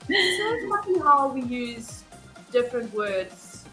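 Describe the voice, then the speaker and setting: Woman co-host, higher voice, giggly and casual. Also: sing-song, pushed and bright, faint music behind. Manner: giggly, quick asides. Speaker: fitness co-host. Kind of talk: casual chat.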